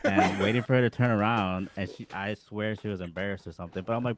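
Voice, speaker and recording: Low-voiced man telling stories casually. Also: fast, few pauses, slight background noise. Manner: animated storytelling, says "bro" and "like" a lot. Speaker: panel guest, former Jehovah's Witness. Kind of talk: casual panel chat.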